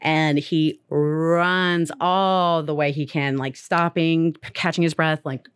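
Young woman, pretty low voice, chatty storytelling, lots of "like", dry close sound. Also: fairly even intonation, slow, smooth, dry recording. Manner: retells a story with lots of "like" and acted quotes. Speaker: podcast storyteller. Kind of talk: casual storytelling chat.

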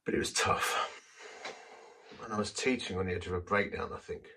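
A man's voice: sits low, fairly quick, gravelly, pushed and bright, recorded from a distance, slight background noise, low-quality recording. A man preaching a sermon, telling a personal story in a conversational, self-deprecating way.

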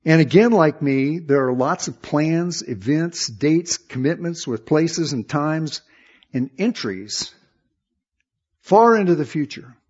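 A man's voice: on the high side, expressive, takes it slowly, breathy edge, dull audio. A man preaching a sermon, with emphatic rises and rhetorical questions. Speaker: pastor.

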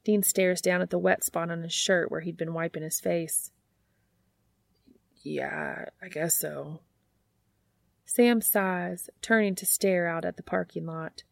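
Woman, audiobook narration, low pitch, gravelly, dry close mic. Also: fairly even intonation, normal speed, hardly any pauses, dry recording. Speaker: fan fiction reader.

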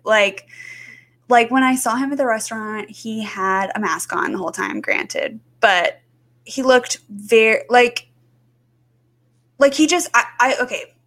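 Woman, podcast co-host, unhurried delivery, chatty, hesitant, lots of fillers. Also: a little high, lively intonation, a bit bright. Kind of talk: casual chat.

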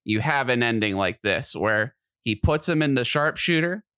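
A man co-hosting a podcast in casual chat, excitable and quick to get loud and animated. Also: medium pitch, clean tone, dry recording, clean studio sound. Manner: excitable, gets loud and animated when riled. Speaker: podcast co-host.

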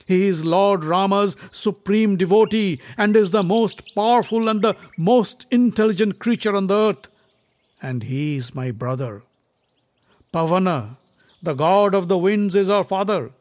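A man's voice: sits high, normal speed, no room sound, pitched above the performer's own voice, lightly acted. A man doing a proud, hot-tempered prince. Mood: proud, forceful. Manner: loud, boastful, commanding.

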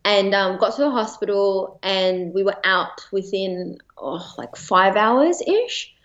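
A woman's voice: mid-range voice, big pitch swings, slow pace, a bit bright, muffled recording. An Australian woman telling a personal story as a podcast guest in a chatty way, full of fillers and light laughter.

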